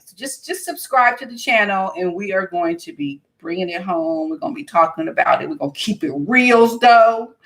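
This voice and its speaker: A woman's voice: mid-range voice, gravelly. An American woman hosting a podcast, chatting casually and thinking aloud with lots of fillers and restarts. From United States. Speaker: podcast host. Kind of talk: casual chat.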